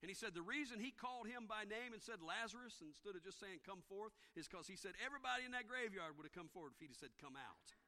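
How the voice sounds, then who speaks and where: A man preaching a sermon in a folksy, conversational way, dropping to a hush and then rising to a loud call. His voice is bright and a little high for a man. It rings through a hall with a long reverb. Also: animated, fast, few pauses. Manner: folksy, swings between loud preaching and hushed tones. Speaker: pastor.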